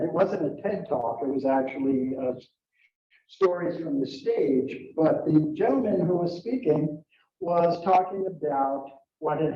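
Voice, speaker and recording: Older man, storytelling speech, slightly high voice, heard from afar in an echoey room, dull sound. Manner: halting, with many fillers and restarts. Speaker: club speaker. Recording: dull, roomy, from a distance.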